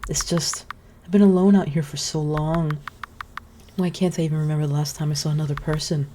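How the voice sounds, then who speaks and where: A woman voicing a gentle, lonely and motherly forest witch from a video game, speaking slowly in a sweet, coaxing way. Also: sits low, steady tone, a little hiss or hum, natural voice. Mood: tender. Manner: soft, slow and sweetly coaxing. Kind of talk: reading game dialogue aloud.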